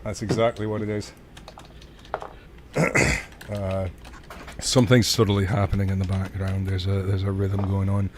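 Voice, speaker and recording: A man's voice: deep voice, level tone, measured pace, pauses often, background noise. A man at a tabletop game session who jokes and swears in casual banter. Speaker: player. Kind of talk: casual chat.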